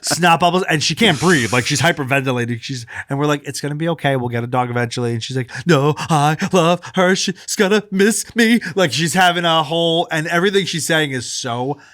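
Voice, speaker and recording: A man in his thirties co-hosting a podcast, telling a long story in casual chat, animated, swearing freely and acting out what people said. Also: a little high, fast talker, hardly any pauses, dry recording, clean studio sound. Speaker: podcast co-host.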